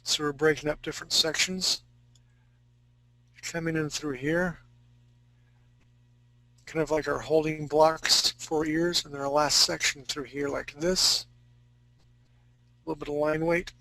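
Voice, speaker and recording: A man's voice: on the high side, steady tone, unhurried, pauses often, sharp tone, no room sound, rough recording. A man teaching a live fantasy-art drawing class, talking casually and joking with his students. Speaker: art instructor.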